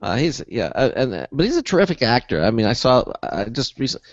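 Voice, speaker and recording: A man hosting a radio talk show, talking in a halting way with many pauses and restarts. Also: medium pitch, very animated, dry recording, highs cut off. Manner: halting, full of uhs and restarts. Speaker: host. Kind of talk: casual radio chat.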